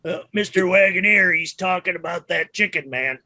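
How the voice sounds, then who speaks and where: A man's voice: high-pitched, normal speed, sharp tone, no echo. A man playing a tabletop game, chatting casually with a dry, joking manner.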